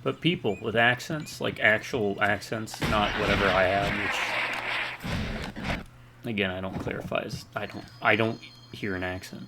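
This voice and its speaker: A man's voice: fairly low pitch, moderate pace, music in the background. A man from the American South rambling casually while commenting on his gameplay. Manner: rambling, chatty, self-deprecating. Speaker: let's play gamer.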